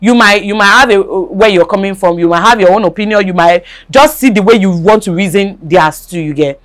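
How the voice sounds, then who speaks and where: A woman hosting a casual chat, agreeable and quick to interject. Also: mid-range voice. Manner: agreeable, hums along and chuckles, interjects. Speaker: host.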